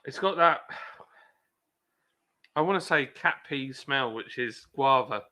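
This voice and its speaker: Middle-aged guy hosting a chill stream, really bright voice, rambly and jokey. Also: mid-range voice, animated, slow pace. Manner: jokey, rambling, self-mocking. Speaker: live stream host. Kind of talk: casual live chat.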